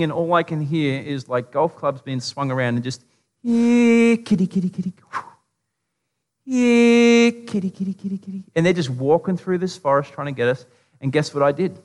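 A man with an Australian accent preaching a casual, humorous sermon, full of stories and asides. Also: fairly high pitch. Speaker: pastor. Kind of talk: conversational sermon. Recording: long reverb of a large hall.

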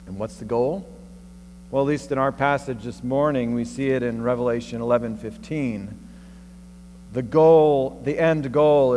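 A male pastor preaching a sermon in a conversational way, thinking aloud and asking rhetorical questions. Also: a little high. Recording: long reverb and faint mains hum.

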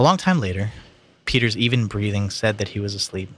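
Casual male reader, low voice, unpolished read-aloud. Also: lively intonation, fairly quick, fairly bright tone, a little hiss or hum. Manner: plain, unpolished, with slips and asides. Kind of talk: casual reading of a novel aloud.

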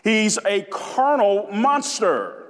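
A man preaching a sermon as pastor, emphatic and deliberate, repeating key phrases for weight. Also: sits high, sing-song, in a large hall.

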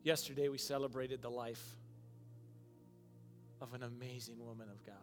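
A male pastor preaching a sermon, moving from quiet, emotional passages to loud, emphatic ones. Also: medium pitch, fairly even intonation, moderate pace, music in the background. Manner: emotional, swings from soft and hushed to loud and emphatic.

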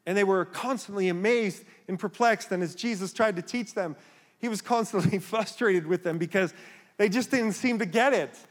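A man's voice: high-pitched, normal speed. Impassioned man preaching in a reverberant hall. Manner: impassioned, rising to emphatic calls. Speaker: pastor. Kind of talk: sermon. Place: church sanctuary.

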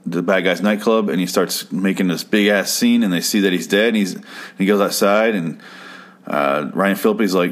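A man with a lowish voice rants through a show recap in loose, casual commentary. He swears often, trails off and restarts, and sounds openly exasperated with the characters. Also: normal speed. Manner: profane, exasperated, rambling with restarts.

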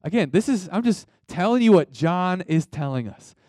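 Man preaching, conversational and emphatic, voice sits a bit high, dry close sound. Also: big pitch swings, normal speed, dark tone, no room sound. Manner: conversational, emphatic, calls for audience response. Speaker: pastor. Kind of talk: sermon.

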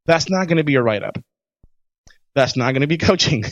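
A man who teaches HR, chatting casually on a podcast, telling animated stories and laughing often. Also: medium pitch, fairly quick, no echo, dull audio. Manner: animated storyteller, laughs often, does voices in anecdotes. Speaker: HR consultant and teacher.

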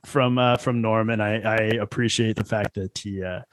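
A man in a casual conversation, relaxed and reflective, swearing now and then. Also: on the low side, moderate pace, no echo. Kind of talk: casual chat.

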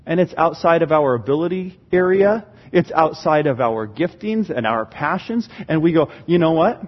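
A man preaching a sermon as pastor, animated, acting out church members' voices. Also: a little high, moderate pace, lo-fi sound.

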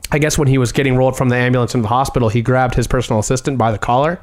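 A man chatting casually as a podcast guest, a relaxed storyteller who explains in detail. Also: mid-range voice, rapid-fire. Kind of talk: casual chat.

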